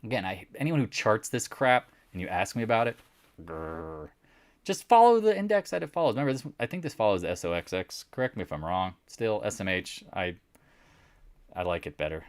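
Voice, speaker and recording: Animated, sarcastic man recapping the market. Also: fairly low pitch, fast talker, no room sound, clean studio sound. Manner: animated, sarcastic, mocks imagined viewers. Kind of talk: casual live market commentary.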